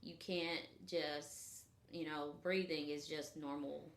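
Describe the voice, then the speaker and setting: A woman co-hosting a casual chat about spiritual practice, rambling with many fillers and dropping into soft, breathy asides. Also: deep voice, little pitch movement, slow pace. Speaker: podcast co-host. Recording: echoey room.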